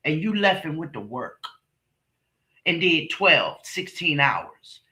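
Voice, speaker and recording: A woman's voice: low voice, big pitch swings, takes it slowly, bright, forceful tone, reverberant. A woman hosting a livestream, delivering heated, profane and scornful commentary. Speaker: channel host, commentator.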